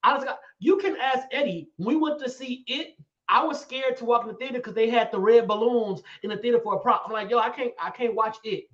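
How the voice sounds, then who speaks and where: A man hosting a live talk show, telling stories with excitement and quick laughs. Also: very high voice, highs cut off. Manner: excitable storyteller, laughs often, dramatic about fears. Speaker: show host. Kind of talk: animated live-stream chat.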